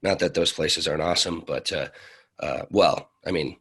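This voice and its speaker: Low husky-voiced man, laid-back. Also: normal speed, a bit bright. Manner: laid-back storytelling with loose phrasing. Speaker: podcast guest, traveler. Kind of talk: casual conversation.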